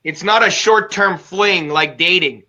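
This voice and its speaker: A man hosting an interview, talking in an emphatic, fired-up and energetic way. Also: sits high, measured pace. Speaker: show host. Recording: dull lo-fi sound.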